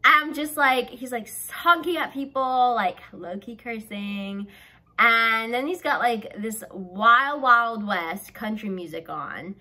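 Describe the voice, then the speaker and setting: A young woman from the American South, telling a story in a chatty, animated way and saying "like" constantly. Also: fairly high pitch, slow. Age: young adult. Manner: chatty and animated, heavy use of "like". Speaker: vlogger. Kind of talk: storytime vlog.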